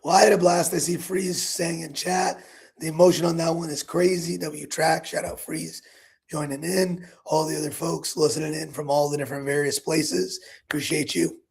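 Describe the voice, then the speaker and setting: A man hosting a casual live chat, relaxed and upbeat as he asks questions and thanks listeners. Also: fairly high pitch, moderate pace, creaky, slightly rough. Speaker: host.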